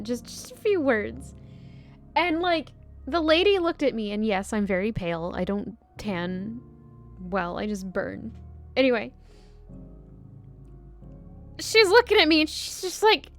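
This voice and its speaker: A young adult woman streaming a game, reading its text aloud and telling stories in a giggly, animated way. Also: on the high side.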